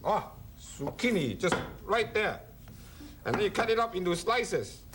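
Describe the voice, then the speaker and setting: Brief: high-pitched, bouncy male cooking host, playful and jokey, clear kitchen clatter. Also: animated, normal speed. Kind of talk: cooking demonstration. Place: studio kitchen. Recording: kitchen clatter and chopping noise.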